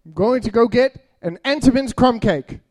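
A man's voice: very high voice, animated, moderate pace, a little mellow. A man in his early thirties telling a rambling, self-deprecating stand-up story, full of filler uhs. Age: 30s. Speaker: stand-up comedian.

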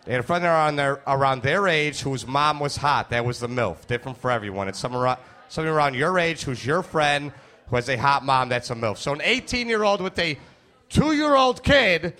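A man's voice: mid-range voice, animated, moderate pace, bright, forceful tone. A man doing a crude, brash stand-up comedy routine, joking with members of the crowd.

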